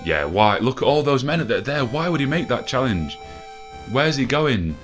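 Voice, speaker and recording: A young man commentating a football video game live, a bit out of breath and swearing often, shouting when the action peaks. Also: mid-range voice, sing-song, normal speed, soft background music. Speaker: gaming commentator.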